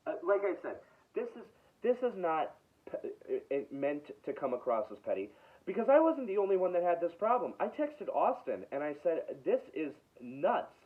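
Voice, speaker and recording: A man's voice: high-pitched, big pitch swings, a little fast. Exasperated man ranting, tinny sound. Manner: exasperated, repeats himself. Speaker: video host. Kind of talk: casual ranting story.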